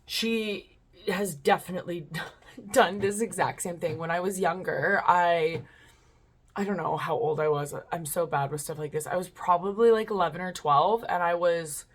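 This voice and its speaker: A woman's voice: on the low side, normal speed. A woman hosting her own channel, chatting casually in a rambling way, swearing now and then, and reading stories aloud.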